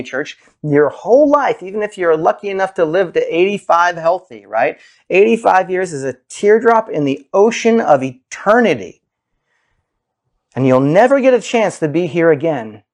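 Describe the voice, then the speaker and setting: A male pastor preaching a sermon, slow and emphatic, rising high when quoting scripture and dropping low and soft for emphasis.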